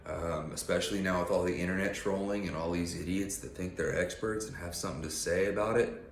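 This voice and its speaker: A man's voice: low-pitched, fairly even intonation, a little fast, echoey room, slight background noise. A man giving a casual, blunt and profane motivational rant on his channel. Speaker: vlogger.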